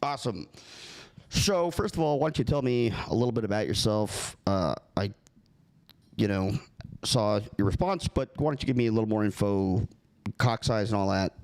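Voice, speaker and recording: Deadpan male prank caller, earnest and rambling, slightly low pitch. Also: normal speed. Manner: earnest and rambling, keeps a straight face.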